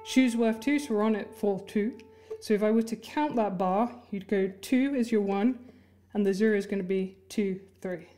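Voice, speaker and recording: A woman gives a friendly, encouraging instrument lesson, counting beats and chanting rhythms as she goes. Her voice sits in a middle register. Plucked strings ring clearly beneath her words. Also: medium pitch, dark tone. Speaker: music teacher. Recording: music playing under the voice.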